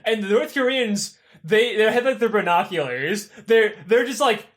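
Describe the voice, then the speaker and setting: A young man co-hosting a podcast, telling a history story in a casual, profane way and acting out the people in it. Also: sits high. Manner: animated, profane, acts out characters in quick voices. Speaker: podcast co-host.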